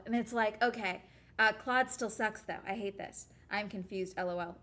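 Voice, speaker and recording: A woman's voice: mid-range voice, a little fast, fairly bright tone. A young woman from the United States chatting casually on a livestream, rambling and sarcastic as she talks to her chat. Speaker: streamer.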